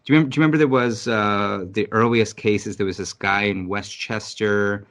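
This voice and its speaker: This New York City podcast co-host has a steady, somewhat bright voice on the low side and talks a little fast. In casual conversation he's blunt and emphatic, swearing often and restarting sentences.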